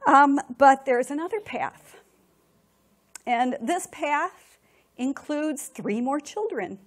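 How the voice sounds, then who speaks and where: A middle-aged woman sharing a personal testimony with an audience, telling it in an animated, emotional way and often repeating words when stirred. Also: high-pitched, takes it slowly, long pauses.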